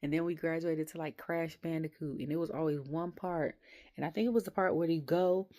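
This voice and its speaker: A woman's voice: deep voice, steady tone, a little fast, dark tone. A young adult woman, rambling animatedly through a casual wrestling review and acting out the voices she quotes.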